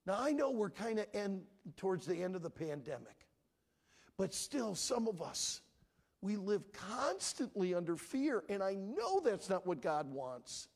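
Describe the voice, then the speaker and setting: A man's voice: high voice, sing-song, a little slow, a little mellow, slightly rough. A man preaching as pastor in a church, earnestly urging listeners through an altar call and voicing the prayers they might pray. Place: church sanctuary.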